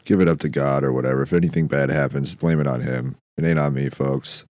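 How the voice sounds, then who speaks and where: A man hosting a podcast, delivering a dry, deadpan, profane comedic monologue. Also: very deep voice, fast, no echo. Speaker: podcast host.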